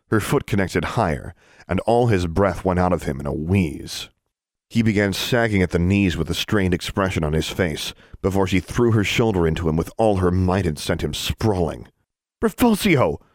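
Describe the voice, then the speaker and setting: A man reading a novel aloud in an expressive storytelling style, as an audiobook narrator. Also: sits low, moderate pace, no room sound. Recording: dry close studio sound.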